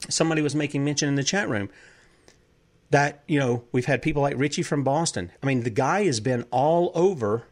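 Male talk host, fairly high voice, heated and preachy. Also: lively intonation, normal speed. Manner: heated, preachy, rhetorical questions. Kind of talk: impassioned political talk show monologue.

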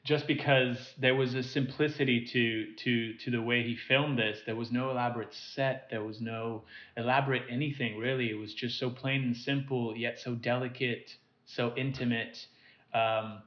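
A man from Singapore co-hosting a podcast, speaking in a slow, thoughtful, earnest way. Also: medium pitch, fairly even intonation. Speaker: podcast co-host. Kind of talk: casual podcast chat. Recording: roomy, dull lo-fi audio.

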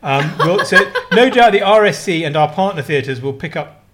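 A middle-aged podcast co-host with a posh southern English accent spins rambling anecdotes in relaxed conversation, imitating other people's voices. His voice sits on the high side and is expressive and fairly bright, at a moderate pace, with a little hiss or hum in the background.

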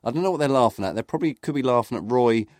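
A man's voice: mid-range voice, animated, very fast, darkish tone, dry recording, studio quality. A middle-aged man, a podcast co-host, telling rambling football anecdotes in casual chat, full of fillers and restarts.

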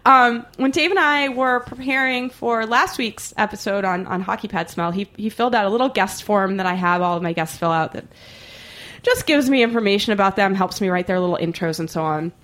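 Mujer presentadora que habla rápido y con entusiasmo. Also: female voice, medium pitch. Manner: quick, excitable, laughs often. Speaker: podcast host. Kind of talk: casual chat. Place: studio, live show.

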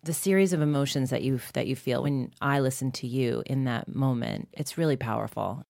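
Very low, gravelly woman in her forties. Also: expressive, brisk, darkish tone, no echo, clean studio sound. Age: 40s. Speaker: interviewer. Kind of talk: conversational interview.

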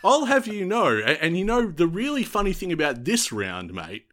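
Australian male podcast co-host, jokey and animated, lively pitch. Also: moderate pace. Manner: jokey, laughs often, animated. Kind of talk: casual sports chat.

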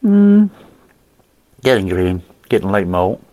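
Gravelly low-voiced man, sweary and rambling. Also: normal speed, a little mellow, no room sound, rough recording. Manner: blunt, sweary, rambling asides. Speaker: beer reviewer. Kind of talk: casual rambling beer review.

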